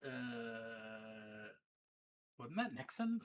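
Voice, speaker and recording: A man's voice: mid-range voice, big pitch swings, very slow. A man guesting on a stream, trading playful, crude jokes in casual banter.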